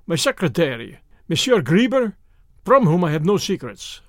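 A man reading aloud, voicing a cowardly, scheming Russian man who talks softly. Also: high-pitched, very animated, normal speed, no room sound, clean studio sound. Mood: silky. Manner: soft, silky, turning hysterical.

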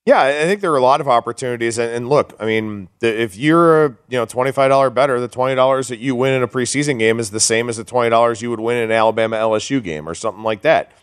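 Brisk, clear-voiced male co-host. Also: medium pitch. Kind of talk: casual sports talk.

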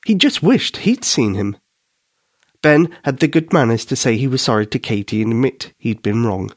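A man's voice: medium pitch, sing-song, normal speed, no room sound. A man narrating a children's bedtime story and hosting the podcast. His soothing voice rises and falls with plenty of life. The recording is dry and close.

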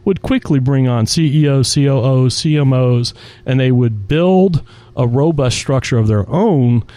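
Male guest, restaurant executive, warm low-key tone, lively storyteller who voices the people in his anecdotes. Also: moderate pace, no room sound. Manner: animated storyteller acting out quoted dialogue. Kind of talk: casual interview storytelling.

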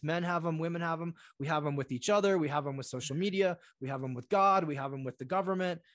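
A man speaking as a podcast guest, his voice on the higher side for a man. He tells stories in a lively way and slips into the voices of the people in them. The sound is close and dry. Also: no room sound. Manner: animated storyteller acting out quoted voices. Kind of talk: conversational interview.

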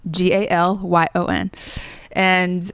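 A woman's voice: lowish voice, little pitch movement, takes it slowly, clean tone. A woman in her thirties, a songwriter guest, telling a personal story in a rambling way with lots of fillers. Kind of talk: conversational storytelling.

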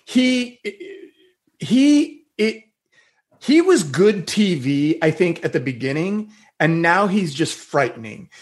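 A man guest on a podcast, speaking in a halting, repetitive way. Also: a little high, big pitch swings. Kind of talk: casual recap chat.

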